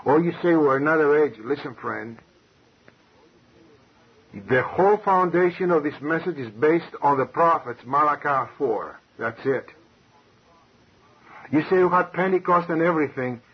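A man preaching a sermon, emphatic and halting, full of rhetorical questions. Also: fairly high pitch, lively intonation, husky. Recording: dull lo-fi recording.

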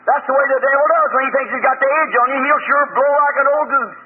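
A man preaching a revival sermon, telling the story in a folksy way and breaking into shouted hallelujahs. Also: very high voice, fairly even intonation, fast. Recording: tinny old lo-fi tape, faint hiss.

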